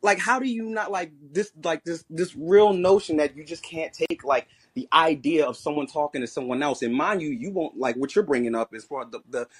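Animated sarcastic male caller. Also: on the high side, normal speed, hardly any pauses, breathy edge, no echo. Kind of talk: call-in discussion.

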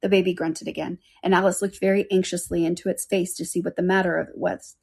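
A woman reading a children's book aloud in a plain, steady storytelling manner. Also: on the low side, quick pace, gravelly, husky.

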